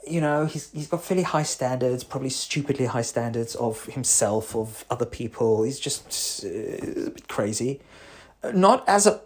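A man's voice: medium pitch, slightly rough. A man, a psychotherapist talking in a rambling, wry voice-note monologue. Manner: rambling, self-interrupting, wry.

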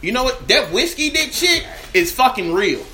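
A man's voice: very high voice, very animated, normal speed, sharp tone, slight background noise. A man guesting on a podcast, trading profane jokes in casual chat. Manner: profane, joking banter.

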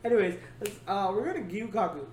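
A man's voice: high voice, lively intonation, quick pace, a little mellow. Man, podcast host, casual joking chat, echoey room, faint noise. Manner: joking, laughs often, loose and rambling.

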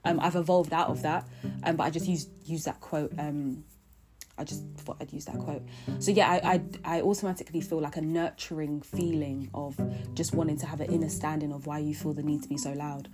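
A woman's voice: sits low, fairly even intonation, a little fast. A young woman talking through her feelings in an earnest, rambling way, full of restarts and fillers. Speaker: vlogger. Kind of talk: reflective personal monologue. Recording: guitar music under the voice. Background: guitar music.

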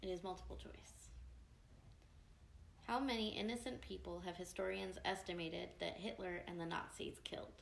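Young woman, podcast co-host, casual chat, very gravelly fry, playful quizmaster, echoey room, faint hiss. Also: lowish voice, fairly even intonation, moderate pace.

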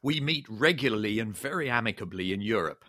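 A man's voice: lowish voice, lively intonation, fairly quick, bright, forceful tone, no echo, studio quality. A man co-hosting a travel podcast, chatting in a wry way with many ums and uhs. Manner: chatty and wry, with frequent fillers. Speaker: podcast co-host. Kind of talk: casual chat.

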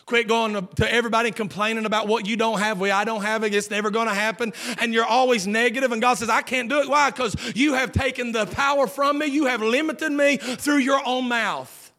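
High-voiced fervent man preaching. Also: fairly even intonation. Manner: fervent preaching, swings from shouting to hushed; repeats words in quick restarts. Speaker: pastor. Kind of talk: sermon.

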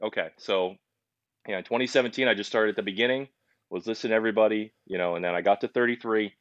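A young man with a deep, low voice tells his story as a podcast guest. He sounds earnest and animated, stumbling and restarting as he goes. The recording is dry, a little dull and lo-fi. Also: fast, dry recording. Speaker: podcast guest, pizzeria owner. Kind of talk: casual storytelling interview.

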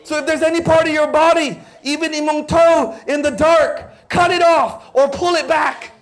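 A high-pitched Filipino man preaching with lively energy, slipping Cebuano words into his English. He keeps acting out quoted voices and swings between urgent pushes and hushed asides. His delivery is expressive and theatrical. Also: normal speed. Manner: animated, acts out quoted voices, sudden drops to near-whisper. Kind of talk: sermon.

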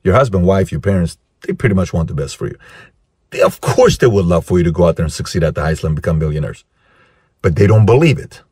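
A middle-aged man giving a motivational talk, emphatic and full of rhetorical questions. His voice is husky and mid-pitched. The sound is dry and close. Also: lively intonation, fast talker, a little mellow, dry recording. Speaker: host. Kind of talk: motivational monologue.

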